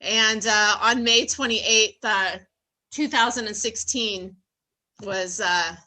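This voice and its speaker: A middle-aged woman hosting an online support meeting on a video call, halting and tearful, telling a personal story. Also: medium pitch, steady tone, bright, forceful tone. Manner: laughing, teary, halting, repeats herself. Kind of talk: emotional welcome and personal story.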